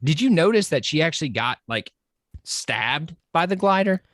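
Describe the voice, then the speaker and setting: Guy geeking out over a movie, talks right into the mic, voice shoots way up when he gets excited, dry sound. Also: normal speed, dry recording. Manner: animated, excitable, jumps into high exclamations. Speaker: pop culture podcast guest. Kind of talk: excited casual movie discussion. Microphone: close microphone.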